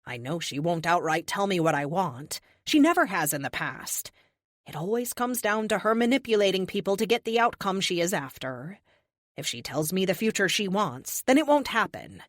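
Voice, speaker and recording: A woman narrating a first-person audiobook in an expressive, youthful, wry manner. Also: fairly low pitch, normal speed, dry recording, studio quality.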